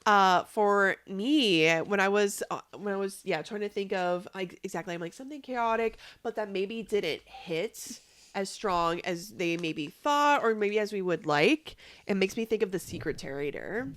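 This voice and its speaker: A woman co-hosting a podcast in casual chat, animated and quick to laugh and agree. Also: mid-range voice. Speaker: podcast co-host.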